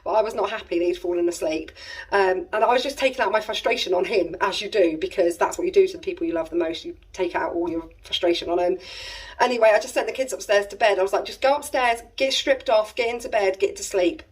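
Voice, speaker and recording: Chatty English mum, husky voice. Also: female voice, on the low side, fast, a little mellow. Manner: chatty, rambling, exasperated asides. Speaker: family vlogger. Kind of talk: casual storytelling to camera. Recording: voice a little distant from the mic.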